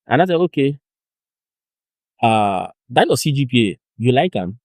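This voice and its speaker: Lively Nigerian man teaching. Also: medium pitch, normal speed, no room sound. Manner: animated, acts out chats in pidgin and laughs. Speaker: discipleship teacher. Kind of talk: informal teaching talk.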